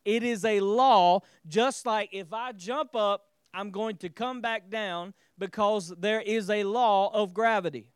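A man's voice: high-pitched, slow pace, hardly any pauses, smooth, no room sound, clean studio sound. A man preaching a sermon as pastor, calling on the congregation to repeat phrases and restating his key lines.

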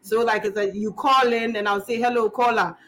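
In a casual interview, a young actress who appears as a guest storyteller talks fairly quickly with a Ghanaian English accent and a medium-pitched female voice. She's animated as she shares her stories, imitating different characters' voices along the way. The audio quality is poor.

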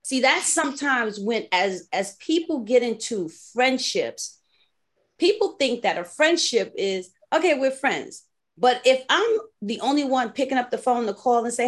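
A woman in her forties or older, hosting a podcast in casual chat, an animated storyteller who laughs often, speaking. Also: a little high, unhurried. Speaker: podcast host.

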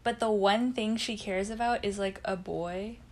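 A woman's voice: mid-range voice, steady tone, measured pace, a little hiss or hum. A young woman co-hosting a podcast in casual chat. She talks about a show, laughs often and acts out the characters' lines. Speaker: podcast co-host.

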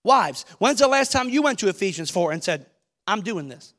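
A man in his thirties with a high voice preaches to his congregation in a conversational way. He quotes scripture and asks the people questions as he goes. His voice rings out through a long-echoing church hall. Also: sing-song, moderate pace, fairly bright tone. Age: 30s. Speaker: pastor. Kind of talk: sermon. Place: church sanctuary.

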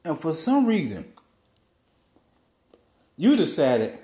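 A man's voice: on the high side, a little slow, long pauses. Profane, roomy-sounding podcast storyteller man. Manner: profane, animated storyteller acting out quotes. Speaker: podcast host. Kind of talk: profane comic storytelling monologue. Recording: roomy echo.

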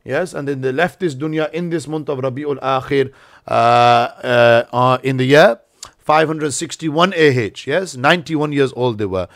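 A man's voice: medium pitch, normal speed. A man hosting a casual religious discussion, explaining at length and mixing Urdu words into his English. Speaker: imam and host.

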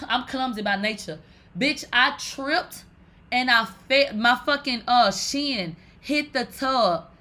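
A high-pitched woman hosts a live stream, telling stories to her viewers in a loose, rambling way. She's animated and profane, swearing constantly, often calling her audience "bitch," and using lots of fillers like "like."

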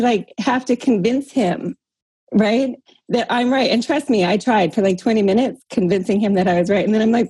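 Husky, mellow-voiced woman leading a call. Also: mid-range voice, moderate pace, dry recording. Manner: encouraging, tags points with "right?". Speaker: workshop leader on a group call. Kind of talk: casual coaching talk. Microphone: call audio.

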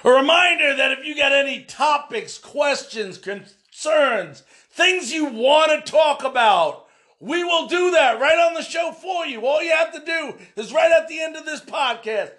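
A man hosting a sports podcast, talking loudly and emphatically, often shouting, with frequent fillers. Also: very high-pitched, lively intonation, a little slow.

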